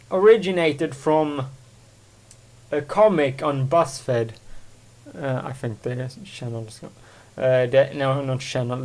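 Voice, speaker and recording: A man talks alone on his own podcast in a loose, casual monologue. He speaks slowly, stops often for fillers, and corrects himself mid-sentence. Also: fairly high pitch. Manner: rambling, full of fillers and self-corrections. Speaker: show host.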